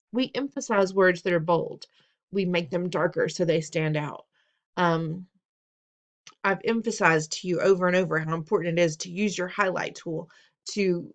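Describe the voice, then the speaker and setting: A woman teacher walking students through reading test questions in a patient, instructive way, repeating steps and asking them questions. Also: on the low side. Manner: patient, instructive, playful teasing. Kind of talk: recorded test-prep lesson.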